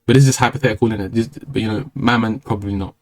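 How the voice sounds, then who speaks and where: A man's voice: lowish voice, fairly even intonation, fast talker, crowd noise. A young British man with a British accent chatting casually on a live stream, slangy, rambling and opinionated.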